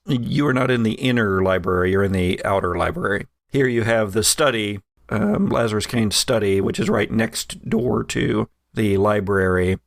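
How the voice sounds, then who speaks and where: A man's voice: fairly low pitch, normal speed, gravelly, no echo, clean studio sound. A man running a tabletop game as game master, explaining the scene with hesitant ums and uhs.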